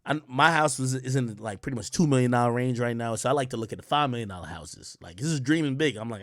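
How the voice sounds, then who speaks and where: A man telling a casual story to his live stream, excitable and full of slang and swearing. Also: mid-range voice, fast, few pauses, no echo, clean studio sound. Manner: animated, profane, slangy, excitable. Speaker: streamer and commentator.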